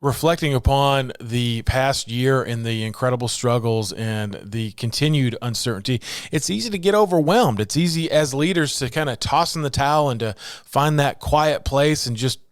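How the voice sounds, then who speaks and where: A man's voice: mid-range voice, moderate pace, smooth, no echo, clean studio sound. A motivational speaker, a man, talking in an earnest way with light jokes.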